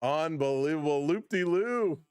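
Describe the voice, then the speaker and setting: High-voiced excitable man calling baseball. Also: unhurried, clear, resonant tone, no echo. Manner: bursts into shouting excitement on big plays, chuckles often; greets viewers by name in a friendly way. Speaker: live stream play-by-play host. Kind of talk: excitable baseball play-by-play with chat shout-outs.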